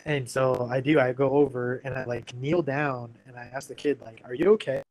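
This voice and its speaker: A man's voice: medium pitch, little pitch movement, normal speed, a little mellow, poor audio. A man in his thirties, a podcast guest candidly telling a personal story in casual speech, full of "like" and "you know".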